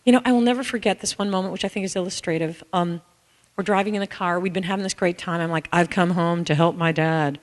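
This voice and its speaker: A middle-aged woman author tells personal stories to an audience, candid and conversational, acting out dialogue with "I'm like." Her medium-pitched voice is quick with fairly even intonation, and there's a long hall reverb.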